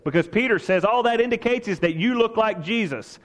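A man's voice: high-pitched, fairly quick, in a large hall. A man preaching a sermon as pastor, talking with emphasis and asking his listeners rhetorical questions.

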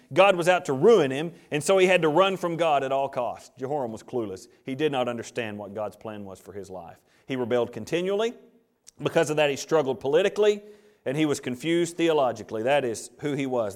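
A man preaching a sermon, reading scripture aloud and building to emphatic, rising peaks. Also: a little high. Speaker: pastor.

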